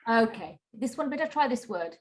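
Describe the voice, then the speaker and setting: A woman leads an online recitation class over a video call, her voice sitting a little high. She is patient and encouraging and says sounds slowly so students can copy them. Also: lively intonation. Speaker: Qur'an recitation teacher.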